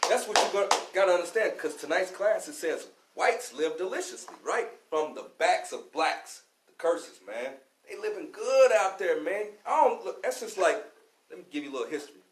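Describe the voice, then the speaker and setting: A man from Kentucky delivers a fiery, slangy lecture as a class teacher. His voice sits a little high and he leans on "you know what I'm saying." The room around him rings with echo. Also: expressive, moderate pace, a little hiss or hum. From Louisville, Kentucky, US. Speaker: class teacher on a radio show. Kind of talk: preaching street-talk lecture.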